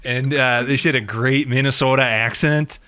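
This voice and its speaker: Bright-voiced rambling man. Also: mid-range voice, steady tone, smooth, dry recording. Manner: rambling, halting with many restarts. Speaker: live stream co-host. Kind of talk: casual live stream chat.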